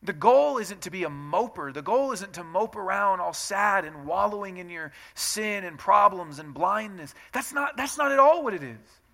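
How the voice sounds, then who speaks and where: A pastor preaches in a loose, conversational way, speaking in a bright, ringing voice. He drops to a hush for acted prayers and then rises to loud emphasis, with a fairly high pitch for a man throughout. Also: expressive, moderate pace, vocal fry, hardly any pauses. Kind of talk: sermon.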